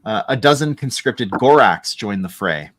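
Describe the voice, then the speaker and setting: A man with a fairly low voice leads a relaxed book club discussion. He reads passages aloud, stumbling and restarting, and stops to comment between them. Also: normal speed, crowd noise. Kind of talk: casual chat reading aloud from a novel.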